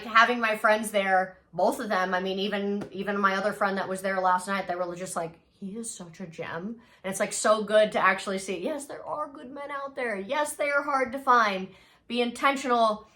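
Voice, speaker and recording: A woman guest talks earnestly in a casual podcast chat. Her phrases trail off softly, and she fills them with frequent "like"s. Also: medium pitch, steady tone, moderate pace.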